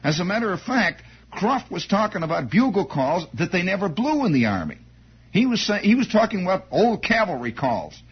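Husky, lively-voiced male storyteller. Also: high-pitched, normal speed. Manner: digressive, repeats words, wry asides. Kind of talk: rambling anecdote monologue. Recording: dull lo-fi recording.

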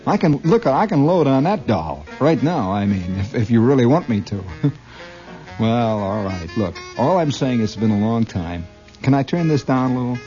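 A man's voice: mid-range voice, mellow, muffled recording. A middle-aged man performing a comedy monologue as one side of a conversation, talkative and argumentative, stammering and restarting, with chuckles at his own lines.

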